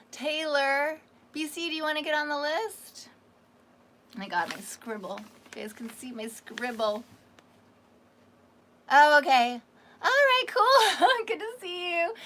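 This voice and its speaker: A woman from Canada with a slightly raspy voice hosts a casual psychic livestream. She chats warmly with viewers, calling them honey. Her voice sits high and sounds bright and forceful. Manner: chatty and affectionate, calls viewers honey. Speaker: psychic reader hosting a livestream.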